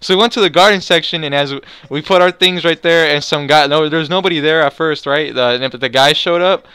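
A young man with a bright, clear voice tells a rambling, profane story in casual chat. He keeps restarting his sentences as he piles on details. The sound is close and dry, with no room around it. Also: fairly high pitch, fairly quick, dry recording. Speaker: storyteller, channel host.

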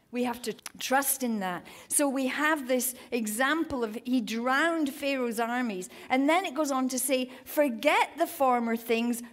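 Animated woman preaching a sermon. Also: fairly high pitch. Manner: animated storytelling, acting out quoted voices. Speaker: women's ministry speaker. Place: event hall.

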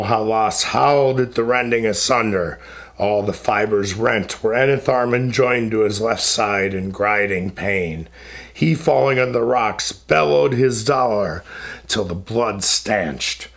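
A man reciting epic poetry in a solemn, measured way. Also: lowish voice, creaky, fairly bright tone.

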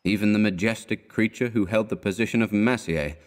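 A man with a fairly low voice narrates a classic short story for an audiobook. His delivery is measured and deliberate, keeping a steady storytelling pace throughout.

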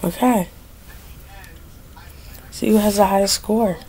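Slow-talking young woman reacting to a game. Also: medium pitch, steady tone, warm tone. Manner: dramatic, pleading, self-pitying complaints. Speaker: gaming video creator. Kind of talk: casual gameplay commentary.

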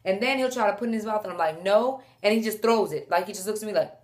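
A young woman chatting to the camera at home while holding her baby, animated and chatty, breaking off to talk to him. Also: mid-range voice, rapid-fire. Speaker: mom vlogger. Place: at home indoors.

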